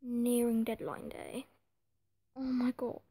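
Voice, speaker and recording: A woman's voice: on the high side, level tone, takes it slowly, warm tone, no echo. A woman giving running commentary over a football management game, often exasperated and muttering to herself. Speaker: gaming video creator. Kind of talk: gameplay commentary.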